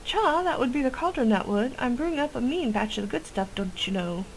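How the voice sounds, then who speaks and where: A woman's voice: fairly high pitch, lively intonation, fairly quick, a little hiss or hum, pitched above the performer's own voice, low-quality recording. A woman voicing a chatty old witch who brews potions and talks in a folksy, rambling way. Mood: boastful. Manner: folksy, rambling, ends lines with "cha".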